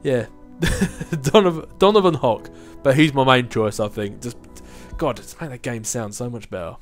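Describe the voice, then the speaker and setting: A man in his twenties talks casually to his viewers, answering questions at a middling pitch. He rambles, restarts his sentences and laughs often. Faint music plays quietly behind him. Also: moderate pace. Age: 20s. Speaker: YouTube channel host answering viewer questions. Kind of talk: casual chat.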